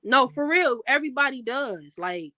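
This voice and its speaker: High, lively, chatty young woman. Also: normal speed, no room sound, studio quality. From Chicago area. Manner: laughs often, chatty, rambling. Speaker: host. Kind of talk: casual chat.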